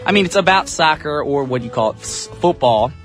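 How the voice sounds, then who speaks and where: A man's voice: fairly high pitch, animated, brisk, faint music behind. A man from the United States hosting a morning radio show in an upbeat, chatty, self-joking way. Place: radio studio.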